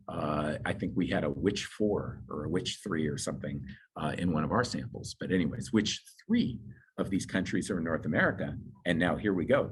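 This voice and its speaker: A man's voice: deep voice, husky, poor audio. A man lecturing on exam scoring in a conversational way, with asides and fillers, his voice slightly going. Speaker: nursing exam instructor. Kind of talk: explanatory lecture.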